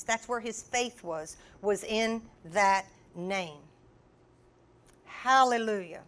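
A woman preaching a sermon, telling a personal story with animated storytelling and acting out shouts and quotes. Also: on the high side, slow pace.

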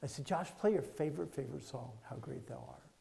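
A man in his fifties preaching a sermon, telling a personal story that swings from hushed to loud and emphatic. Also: mid-range voice, fairly quick, vocal fry, rough recording. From Pennsylvania.

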